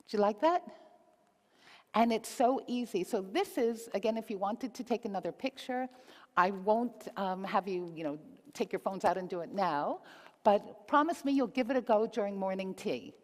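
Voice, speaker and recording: A woman's voice: mid-range voice, animated, normal speed, darkish tone. A woman giving a live conference talk, upbeat and often asking the audience questions. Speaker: conference speaker. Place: conference hall. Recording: reverberant hall.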